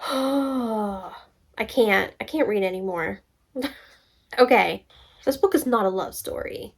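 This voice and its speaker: A young woman book vlogger reading reviews aloud and talking back to them in an animated, exasperated way. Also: fairly high pitch. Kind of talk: casual reaction vlog, reading reviews aloud.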